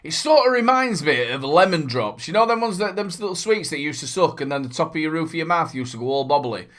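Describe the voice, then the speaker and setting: A cheerful man hosts a casual product review vlog, talking straight to his viewers. His voice sits slightly above the usual male pitch. He chats in a rambling, upbeat way and throws in playful asides as he goes. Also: lively intonation, fast, fairly bright tone. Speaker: vape reviewer and channel host.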